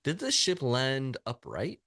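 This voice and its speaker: A man's voice: mid-range voice, wildly swooping pitch, measured pace, fairly bright tone, dry recording, studio quality. A man from Canada playing a tabletop game, speaking hesitantly with many fillers. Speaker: player. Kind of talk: casual tabletop game chat.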